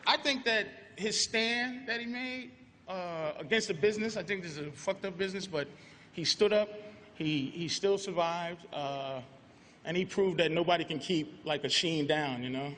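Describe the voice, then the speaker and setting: A man's voice: sits high, moderate pace, bright, forceful tone, a little hiss or hum. A man giving a profane, stammering roast speech. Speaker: comedian at a roast. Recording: crowd in a reverberant hall.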